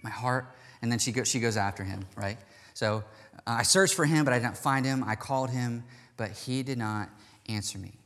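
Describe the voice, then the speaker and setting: A man's voice: mid-range voice, moderate pace, a bit bright. A man preaching a casual, chatty sermon to a congregation. He acts out the quoted lines in little voices as he goes. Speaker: pastor. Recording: long hall reverb.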